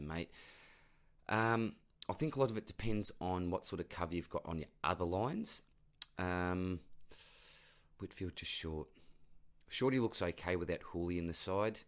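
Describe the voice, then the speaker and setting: A man's voice: sits low, fairly bright tone. A young adult man with an Australian accent, casually reading out viewer comments and answering them, calling everyone mate and buddy. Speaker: fantasy football YouTuber.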